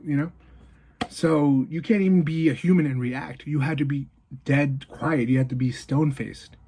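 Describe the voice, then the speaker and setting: A man with a somewhat high voice talks through a movie plot in a casual, animated recap. He keeps leaning on fillers and dropping quick asides as he goes. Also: a little hiss or hum. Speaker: movie reviewer. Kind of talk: casual spoken movie review.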